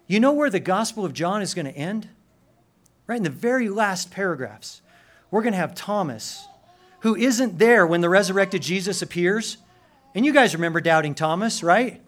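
A man preaching a sermon, swinging from loud urgent emphasis to hushed intensity, with casual slang asides. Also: high-pitched, sing-song, moderate pace. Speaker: pastor.

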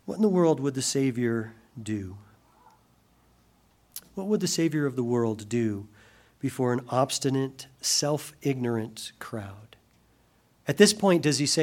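With a medium pitch and lively intonation, a pastor delivers his sermon, giving voice to the people he quotes. Sudden loud surges alternate with slow, hushed moments on solemn points.

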